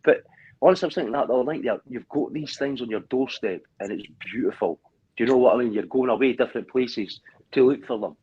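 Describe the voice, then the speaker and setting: A Scottish man co-hosting a livestream over a phone, telling animated stories and laughing often. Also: mid-range voice, fast, breathy edge, dull audio. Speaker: livestream co-host. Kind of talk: casual chat.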